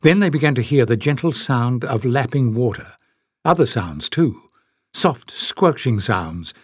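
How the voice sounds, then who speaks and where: A man narrating a fantasy audiobook in a steady, expressive storytelling manner. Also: mid-range voice, unhurried, breathy edge, no room sound, clean studio sound. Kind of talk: scripted narration.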